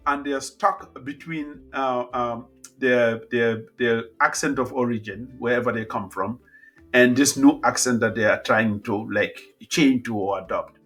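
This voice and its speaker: A man's voice: medium pitch, fairly bright tone. A man hosting a podcast, talking in a casual, emphatic monologue with many fillers. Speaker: podcast host.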